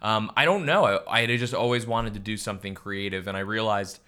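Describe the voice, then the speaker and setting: Guy in his 30s hosting a podcast, chatty and animated, slips into silly voices. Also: on the low side, brisk, clean tone. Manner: animated storyteller, slips into impressions. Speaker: podcast host. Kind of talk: casual chat.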